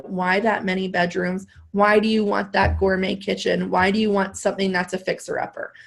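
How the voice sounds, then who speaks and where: A woman's voice: mid-range voice, gravelly. A woman sales trainer coaching a live role-play webinar, upbeat and laughing often as she acts out both sides of a call.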